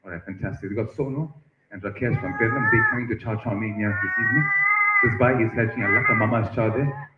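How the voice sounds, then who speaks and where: A man hosting at a festival tent, chatting with and teasing visitors in a lively way. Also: fairly low pitch, fast talker. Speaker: event host interviewing visitors. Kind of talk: roving live-stream banter. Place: busy outdoor festival tent. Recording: echoey, muffled stream audio with crowd noise.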